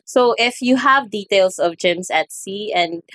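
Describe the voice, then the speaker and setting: A woman's voice: mid-range voice, animated, a little slow, a bit bright, no echo. A woman co-hosting a casual podcast, bubbly and gushing, laughing often. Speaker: podcast co-host. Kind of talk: casual chat.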